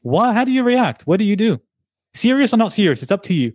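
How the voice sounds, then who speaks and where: A man's voice: high voice, big pitch swings, fast talker, a little mellow, dry recording. A man hosting a casual podcast debate, putting playful mock-serious questions to his guests. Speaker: podcast host and debate moderator.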